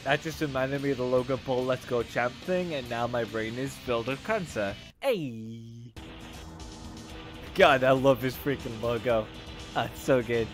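A man hosting a gameplay video, casually joking and recapping the story, now and then bursting out loudly. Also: mid-range voice, normal speed. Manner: offhand, joking storyteller with sudden loud outbursts. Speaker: gaming video host. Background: game music.

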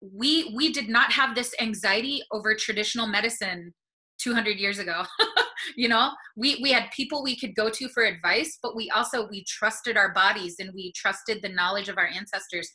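A woman's voice: medium pitch, normal speed, bright, forceful tone, low-quality recording. A woman speaking earnestly and encouragingly on a video call webinar, getting emotional as she talks. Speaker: panelist on plant medicine. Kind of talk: webinar talk.

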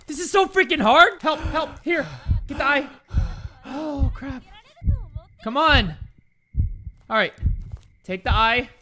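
A young man giving excitable let's play commentary on a game, breaking into shouts and yelps. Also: extremely high pitch, takes it slowly, pauses often. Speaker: gaming YouTuber.

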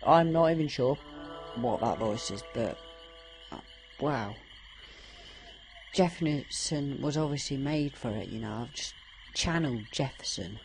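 A woman's voice: extremely low pitch, expressive, measured pace, faint music behind. A woman commenting casually on a game playthrough, chatty and rambling, her voice a little strained. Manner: chatty, rambling, with many fillers. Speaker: gameplay commentator.

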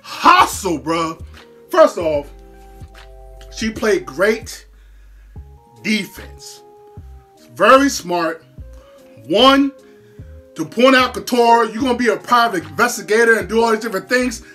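A host giving casual reaction commentary in an animated way, laughing often, repeating words and using heavy slang. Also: mid-range voice, slow, pauses often, soft background music.

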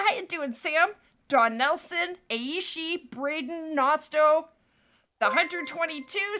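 Bright high-voiced woman streamer. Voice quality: bubbly, chatty, laughs often. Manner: greets chat viewers by name. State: back injury. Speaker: game streamer. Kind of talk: live stream chat.

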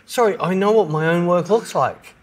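This middle-aged Australian co-host has a high voice and keeps a moderate pace during a casual podcast chat. Telling his stories with animation, he performs the quotes in character.

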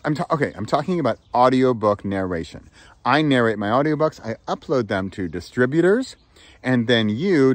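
A playful male host who swings his pitch up and down freely and throws in quick laughs. His voice is recorded close and dry, with no room sound. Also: no room sound. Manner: playful, animated, swings pitch and pace for effect; laughs between phrases. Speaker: author and audiobook narrator, video host. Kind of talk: casual talking-head vlog.

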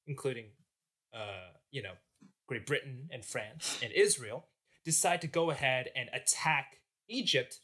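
Animated joking male storyteller. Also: mid-range voice, husky. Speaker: podcast host telling the history. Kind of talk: comic history storytelling.

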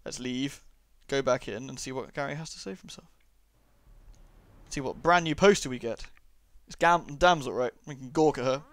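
A man's voice: medium pitch, normal speed, no room sound. A man giving casual, cheeky gameplay commentary, full of self-mocking asides. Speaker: let's play commentator.

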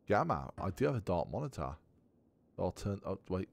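A man giving casual let's play commentary while thinking aloud, excitable and swearing often. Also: sits low, normal speed, vocal fry. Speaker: gaming video creator.

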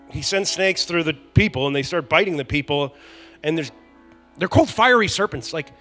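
A male pastor preaching a conversational, joking sermon that builds to loud emphatic peaks. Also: a little high. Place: large church hall. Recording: long church hall reverb.

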